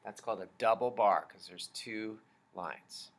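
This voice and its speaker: A man teaching a children's music lesson, explaining slowly and patiently and chanting rhythm syllables. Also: fairly low pitch.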